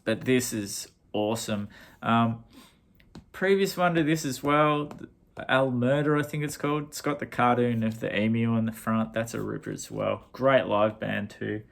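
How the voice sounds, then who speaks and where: A middle-aged Australian man with a gravelly, creaky voice, talking loosely about his favourite records. He rambles, backtracks and corrects himself, tossing in plenty of casual slang. His pitch sits in the ordinary middle range for a man. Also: normal speed. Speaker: vinyl collector reviewing records. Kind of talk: casual record review vlog.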